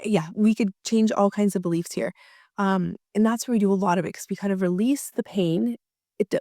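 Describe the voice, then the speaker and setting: A woman's voice: mid-range voice, gravelly, a little mellow, dry recording, clean studio sound. A woman working as a marriage coach, talking casually and chattily with many fillers and restarts.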